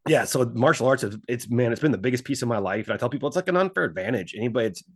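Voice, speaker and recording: A man in his forties tells his story at a brisk clip, jumping into quoted back-and-forth to replay old conversations. His voice sits mid-range for a man and sounds close and dry, with no room around it. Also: mid-range voice, slightly rough, no room sound. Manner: energetic, acts out his own past dialogue in quotes. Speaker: guest, entrepreneur and former stockbroker. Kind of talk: casual interview storytelling. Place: Fort Worth, Texas.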